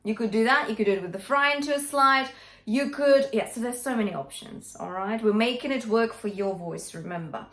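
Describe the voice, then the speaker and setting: A woman's voice: a little high, fairly quick, a bit bright. A woman vocal coach teaching a singing lesson, talking through technique and singing short demonstrations, checking in with "yeah?" and "okay?" as she goes. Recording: echoey room.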